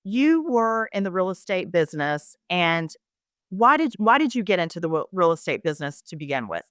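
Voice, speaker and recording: Encouraging woman podcast host, bright. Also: fairly low pitch, very animated, moderate pace, no echo, clean studio sound. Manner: encouraging, repeats words as she starts questions. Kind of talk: conversational interview.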